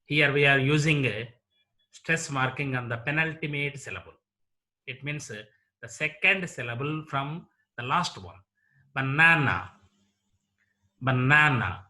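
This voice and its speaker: A man with an Indian English accent, teaching a lecture on word stress and repeating each example word slowly. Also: mid-range voice, pushed and bright. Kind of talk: slow explanatory lecture.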